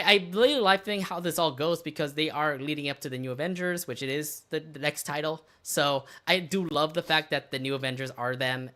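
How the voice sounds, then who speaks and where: A man co-hosting a podcast in casual chat, rambling and excitable with lots of fillers. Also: mid-range voice. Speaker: podcast co-host.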